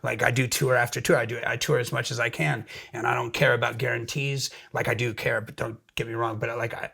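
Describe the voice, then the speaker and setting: A middle-aged man tells his story in a casual interview, swearing freely and restarting his sentences as he goes. His voice is heavily gravelly with a husky, tense edge. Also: mid-range voice, a little fast. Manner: profane, energetic, frequent restarts. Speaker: musician guest.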